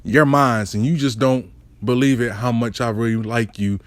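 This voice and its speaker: A man's voice: mid-range voice, steady tone, moderate pace, slight background noise, voice pushed down, lightly acted. A man doing a possessive, insistent girlfriend. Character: possessive intense adult woman girlfriend.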